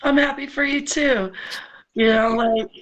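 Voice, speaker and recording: A woman who has children, a podcast guest talking candidly from her apartment in an earnest, halting way with many restarts. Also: high voice, steady tone, fairly bright tone, dull audio. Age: adult with children. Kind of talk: candid personal conversation. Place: home apartment.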